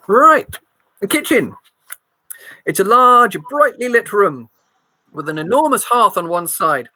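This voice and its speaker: A woman's voice: mid-range voice, animated, measured pace, pauses often, pushed and bright, dry recording. A woman running a tabletop game as game master, narrating scenes with playful description and small slips.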